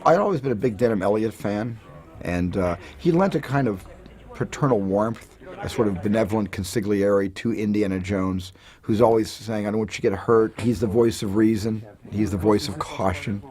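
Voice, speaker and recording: Brief: male director, lowish voice, relaxed anecdotal interview. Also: normal speed. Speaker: film director. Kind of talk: reflective interview.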